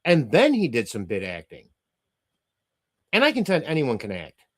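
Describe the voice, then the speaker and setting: A man's voice: mid-range voice, huge pitch swings, moderate pace. A middle-aged man hosting a livestream, reading chat comments aloud and ranting casually with profanity and frequent laughter.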